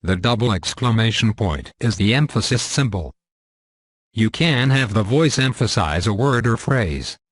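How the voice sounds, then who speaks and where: Low-voiced man narrating a software tutorial. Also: lively intonation, dry recording, clean studio sound. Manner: measured, step-by-step instructional delivery.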